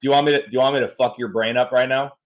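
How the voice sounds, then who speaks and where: Man in his thirties, podcast host, animated and jokey, mid pitch. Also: rapid-fire, low-quality recording. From United States. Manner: animated storyteller, jokey and profane. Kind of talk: casual chat.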